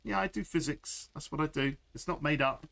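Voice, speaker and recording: A man's voice: on the high side, brisk, gravelly, fairly bright tone. A middle-aged man chatting through a live gameplay stream, laughing often and answering chat. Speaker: game streamer.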